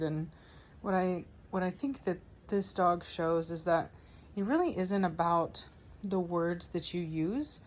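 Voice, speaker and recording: Woman, dog breeder vlogging; lowish voice, relaxed and rambling. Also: measured pace. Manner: chatty, rambling, conversational. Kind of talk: casual vlog talk to viewers.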